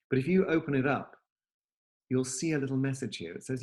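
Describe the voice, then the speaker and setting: A man's voice: mid-range voice, animated, a little fast, pauses often. Rambling upbeat man demoing an app. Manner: rambling, upbeat, many fillers and restarts. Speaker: software company host demoing his app. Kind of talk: casual demo chat over video call. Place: home.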